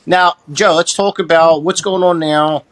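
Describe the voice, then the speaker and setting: A man hosting an interview, chiming in with brief affirmations and quick questions. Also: a little high, steady tone. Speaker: host. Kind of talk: interview chat.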